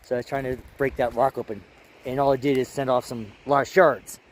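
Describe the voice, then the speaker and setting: A man's voice: medium pitch, flat delivery, a little fast, slight background noise. Tired, chatty hiker man outdoors. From Alaska. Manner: chatty, rambling, self-interrupting. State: a little tired. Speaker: hiking vlogger. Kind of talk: casual vlog narration. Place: outdoors on a mountain trail campsite.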